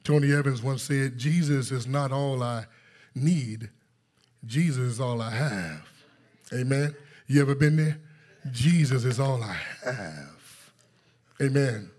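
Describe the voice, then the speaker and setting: A male pastor preaching a sermon, telling a story and calling out to his congregation, rising to excited intensity. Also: mid-range voice, a little slow. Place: church sanctuary.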